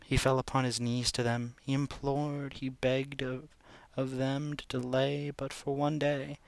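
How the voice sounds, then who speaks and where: A man reading a classic story aloud in a measured way, sometimes stumbling and restarting a word. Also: medium pitch, level tone, gravelly, no room sound. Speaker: audiobook reader.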